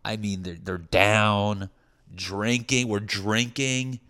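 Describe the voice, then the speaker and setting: A man voicing a boastful young colonial-era recruiter pitching a voyage to guys at a bar like a party bro. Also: level tone, takes it slowly, sharp tone. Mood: hyped. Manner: hyped, bro-like, salesy.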